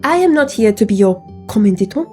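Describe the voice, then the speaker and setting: A woman's voice: medium pitch, lively intonation, a little fast, a little mellow, soft background music, lightly acted. Disdainful French-accented cat, female, lofty and theatrical, as a woman puts her on in a game. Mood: haughty. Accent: put-on French.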